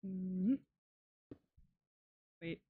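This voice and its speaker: A woman's voice: on the low side, steady tone, extremely slow, breathy edge, narrow, tinny audio. Swearing, chatty woman streaming a game. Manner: chatty, swears, reacts loudly to chat. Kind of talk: casual live-stream chat while gaming.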